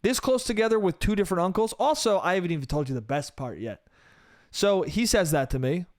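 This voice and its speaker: A man's voice: sits high, lively intonation, brisk, dry recording, studio quality. A young man hosting a solo podcast, telling a story in a casual, profane style full of "bro" and "dude".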